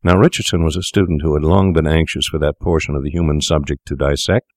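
A man reading a classic tale aloud as narrator, steady and measured. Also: a bass voice, no echo, studio quality.

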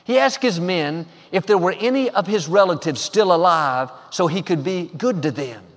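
A man preaching with a high, bright-toned voice, pressing each affirmation with growing emphasis. His words ring out with the long reverb of a large hall. He delivers a sermon to a congregation. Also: expressive, normal speed. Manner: emphatic, declaring affirmations with rising force. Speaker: pastor.

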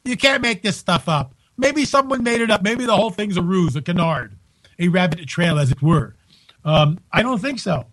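A man hosting a call-in radio show, talking in an incredulous, exclaiming way with quick asides, from home. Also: sits high, lively intonation, fairly bright tone, no echo, rough recording. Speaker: radio talk show host.

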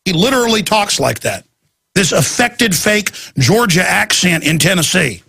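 A man's voice: sits high, very animated, measured pace, creaky, bright, forceful tone, breathy edge, no echo. A man hosting a talk radio show, delivering an urgent, emphatic ranting monologue.

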